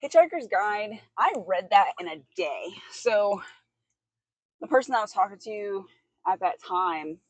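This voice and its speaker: A woman's voice: mid-range voice, lively intonation, unhurried, no echo. A woman livestreaming from an outdoor hot tub, chatting casually with her audience and giggling often. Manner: chatty and giggly, reacting to chat. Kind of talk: casual chat with a live audience.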